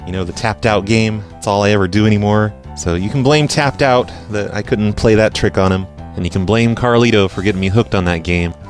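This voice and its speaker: A man's voice: fairly low pitch, fairly quick, hardly any pauses. A male radio host running a prank call, feigning innocence and apologizing while he strings the caller along. Light music sits faintly under his voice.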